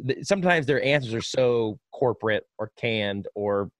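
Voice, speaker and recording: Animated, emphatic male podcast host. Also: mid-range voice, moderate pace, dry recording. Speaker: podcast host, radio broadcaster. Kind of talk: casual podcast conversation.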